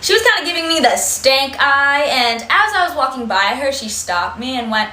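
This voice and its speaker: A woman's voice: high-pitched, sing-song, normal speed, few pauses, sharp tone. A young woman telling a story to camera in a blunt, sarcastic way, swearing often. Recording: echoey room with faint noise.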